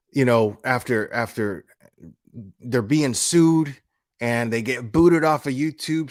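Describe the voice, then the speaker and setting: A man's voice: mid-range voice, a little mellow, no echo, clean studio sound. Blunt, profane man ranting on a live stream. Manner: blunt, profane, heated and mocking; repeats and restarts words often. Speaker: YouTube commentary streamer. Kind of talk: casual live-stream commentary.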